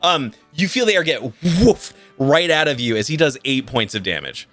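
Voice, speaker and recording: A man narrating a tabletop game as game master over a voice call, animated and laughing often, with many fillers. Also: medium pitch, moderate pace, soft background music. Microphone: computer mic on a voice call.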